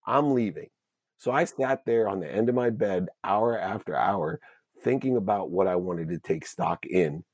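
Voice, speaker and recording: A man telling a personal story as an interview guest, earnest and emotional, with halting restarts. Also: low voice, darkish tone, dry recording, studio quality.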